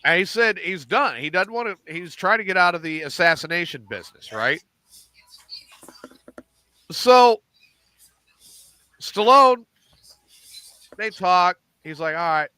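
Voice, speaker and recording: A middle-aged man hosting a casual podcast, animated and profane, acting out lines as he recaps TV shows. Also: high voice, measured pace, long pauses, clean tone, no echo. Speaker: podcast host.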